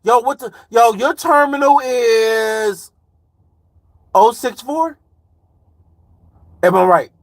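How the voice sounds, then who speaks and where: A man's voice: very high-pitched, slow pace, pauses often, no echo. A man in his forties from Chicago, chatting loosely on a live stream and reading comments aloud in slangy, rambling talk. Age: 40s. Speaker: livestreamer and truck driver.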